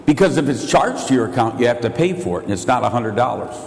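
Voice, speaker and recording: A man's voice: medium pitch, very animated, fast, creaky. Older male preacher in an echoey hall. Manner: preaching that swings between shouted declarations and quiet confiding asides. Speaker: pastor. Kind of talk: evangelical sermon.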